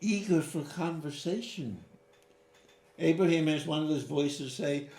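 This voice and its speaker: A man giving interview answers as a storyteller, animated, with sudden rises in pitch and quick asides. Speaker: guest. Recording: roomy echo.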